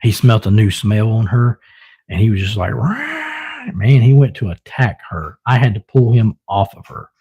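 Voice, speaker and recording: A man's voice: lowish voice, normal speed, dark tone, breathy edge, lo-fi sound. A man livestreaming, casually telling a rambling story, chuckling often and mimicking his pets.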